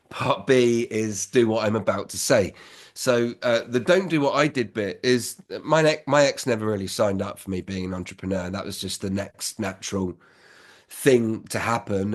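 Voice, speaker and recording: A man in his fifties, a business school founder giving candid, reflective advice in a casual, conversational way. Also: on the low side.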